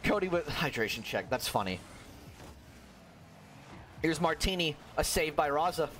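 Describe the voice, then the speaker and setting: Excitable high-pitched young male esports caster. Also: unhurried, slight background noise. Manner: excitable, jokey, frequent exclamations. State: voice worn out. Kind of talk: solo play-by-play commentary.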